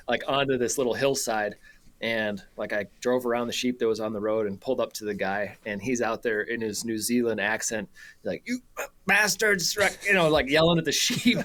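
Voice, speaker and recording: A young man telling a travel story on a radio show, animated and laughing, with many fillers and restarts. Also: medium pitch. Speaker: guest photographer and hunter.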